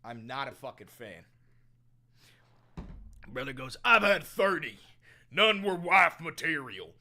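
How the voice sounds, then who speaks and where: A young man plays a brash, foul-mouthed livestreamer who calls everyone brother. The voice is bright and pushy, and it swerves between low mumbling and loud outbursts in a comedy sketch. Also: sing-song, slow pace, heavily acted. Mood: grumbling. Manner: swaggering, profane, swings from mumbling to shouting.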